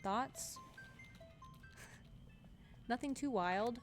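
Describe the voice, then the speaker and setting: A woman's voice: on the high side, extremely slow. A young woman chatting casually on a gaming stream, giggly and reading chat aloud. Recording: game music clearly heard behind. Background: game music.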